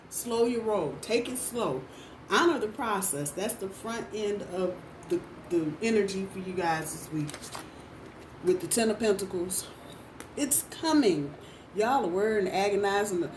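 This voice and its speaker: A woman's voice: medium pitch, animated, a little slow. A woman giving a casual tarot reading in a blunt, profane way, repeating phrases for emphasis. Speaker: tarot reader. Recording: roomy, distant mic, faint background noise.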